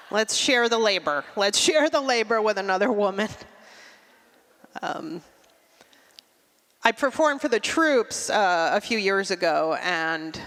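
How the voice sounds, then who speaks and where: A middle-aged woman doing a stand-up comedy set, with a dry, deadpan delivery and quick asides. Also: mid-range voice. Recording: long hall reverb.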